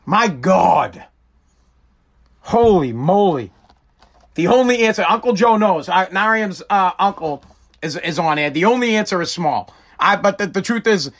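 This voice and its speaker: A man's voice: high-pitched, lively intonation, a little slow, fairly bright tone. A man hosting a casual live-stream talk show, rambling and joking with frequent swearing. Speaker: show host.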